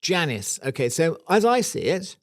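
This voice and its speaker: A man's voice: a little high, very animated, moderate pace, dry recording, clean studio sound. A man co-hosting a garden show, chatting casually and spinning playful comic stories. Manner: playful storyteller, spins comic scenarios. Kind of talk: casual podcast banter.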